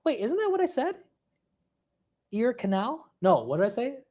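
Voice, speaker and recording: A young man hosting a casual livestream, laughing at himself and reacting quickly to the chat. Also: very high voice. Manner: animated, self-mocking, reacting to chat. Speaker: livestream host.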